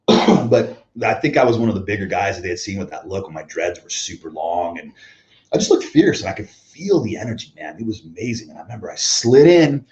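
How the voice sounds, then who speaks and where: A man's voice: on the low side, big pitch swings, brisk, a little mellow, roomy sound. A man who used to wrestle, casually telling a backstage story as an interview guest, in a loose, swearing, filler-heavy way. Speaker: former pro wrestler guest. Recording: dull lo-fi recording.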